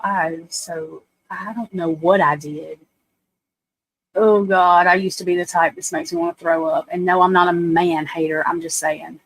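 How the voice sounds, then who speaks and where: A woman's voice: on the low side, fairly bright tone, rough recording. A woman, hosting a livestream and telling rambling, blunt, profane stories as she talks to her viewers. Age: 40s. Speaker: livestream host. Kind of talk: casual chat on a livestream.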